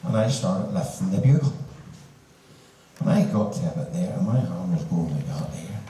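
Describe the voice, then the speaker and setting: A man's voice: low-pitched, animated, normal speed, dark tone. A man with a Northern Irish accent speaking to a concert audience, telling a humorous story in a chatty way with local turns of phrase. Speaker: band member speaking at a concert. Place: large hall. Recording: echoey hall, taken from far off.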